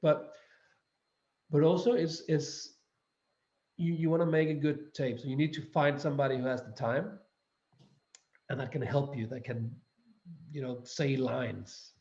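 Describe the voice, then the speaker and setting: Speaking English with a Danish accent, this Danish actor is a guest in a casual interview, his speech stop-start as he repeats words while hunting for the right ones. He has a mid-range, darkish, steady voice, unhurried with frequent pauses. The recording sounds roomy and slightly dull.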